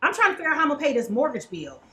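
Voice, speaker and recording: A woman quoting a stressed, busy man who brushes off his partner's worries, talking quickly and dismissively in her own voice. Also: sits high, big pitch swings, sharp tone, a little hiss or hum, heavily acted. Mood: exasperated.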